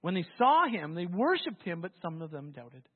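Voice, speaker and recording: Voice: medium pitch, very animated, normal speed, slightly rough. A pastor preaching a sermon in a conversational, storytelling way, often restarting phrases. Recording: phone-like, with long hall reverb.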